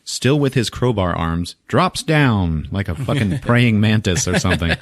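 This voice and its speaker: A man hosting a podcast, recapping a movie in a casual, profane, animated way and laughing often. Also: low-pitched, no echo. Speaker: podcast host.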